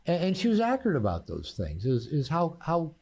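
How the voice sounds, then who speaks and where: A man's voice: on the high side, huge pitch swings, a little fast, darkish tone, slightly rough. An older man, a therapist and author, telling personal stories in a podcast conversation, repeating words as he restarts and laughing at his own punchlines.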